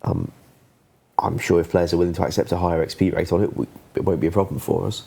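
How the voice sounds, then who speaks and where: A man with a low, gravelly voice, warm and slightly husky in tone. He answers player questions on a live stream in a dry, thoughtful, matter-of-fact way. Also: fast talker. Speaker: game developer.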